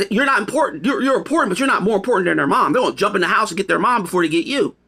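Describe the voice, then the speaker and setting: High-pitched guy ranting, cussing a lot, rambles, sharp bright tone. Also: vocal fry. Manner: profane, rambling, emphatic. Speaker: video commentator. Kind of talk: casual opinion monologue.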